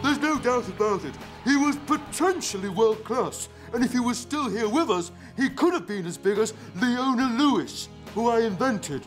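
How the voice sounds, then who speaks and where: A smug music mogul. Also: male voice, very high-pitched, animated, normal speed, few pauses, poor audio. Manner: boastful, clipped talk.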